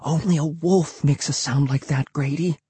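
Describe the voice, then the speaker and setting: A man reading as a scared young girl in a storybook, talking in urgent hushed whispers. The voice is husky and mellow, close and dry with no room around it. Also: fairly high pitch, very animated, a little slow, no room sound, heavily acted. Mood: alarmed insistent.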